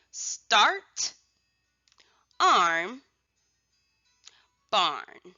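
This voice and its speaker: A woman teacher leads a lesson for young children with a bright, lively voice that rises and falls a lot. She draws her words out slowly and calls single words out loudly. The recording is dry and a little dull, with faint music behind her. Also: mid-range voice, dry recording. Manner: slow, emphatic, drawn-out enunciation with sudden loud word calls.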